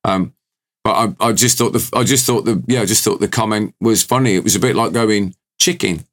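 A man's voice: lowish voice, brisk. British man explaining in casual chat. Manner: explanatory, laughs often. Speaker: podcast co-host, tattoo artist.

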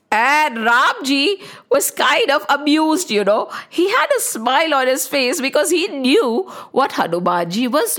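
A woman telling a story to children, animated and often stopping to ask them questions. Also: sits high.

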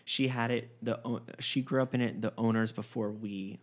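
A man's voice: mid-range voice, moderate pace. A man telling a personal story in casual conversation, acting out the dialogue with many restarts. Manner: animated storyteller, acts out quoted dialogue, frequent restarts.

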